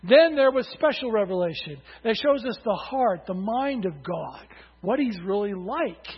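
A man's voice: high voice, animated, a little slow, slightly rough. A man preaching a sermon as pastor, emphatic and calling on the congregation to answer aloud. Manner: emphatic, calls for congregation responses. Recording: dull, hall reverb.

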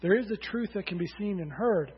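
Emphatic preacher man, high husky voice. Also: animated, fairly quick. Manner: emphatic, calls for congregation responses. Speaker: pastor. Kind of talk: sermon. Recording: dull, hall reverb.

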